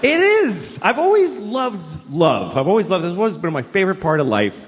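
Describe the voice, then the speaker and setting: A man doing a stand-up comedy routine with an animated, profane, exasperated delivery. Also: high-pitched, a little fast, slight background noise. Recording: reverberant hall, faint ambience.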